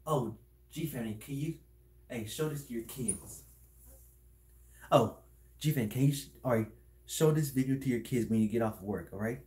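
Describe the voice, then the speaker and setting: A man's voice: medium pitch, moderate pace, pauses often, a little mellow, echoey room, poor audio. A man talking to camera in a casual vlog, handing out earnest life advice in a rambling, repetitive way, with many restarts. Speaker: video creator. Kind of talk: casual motivational talk to camera.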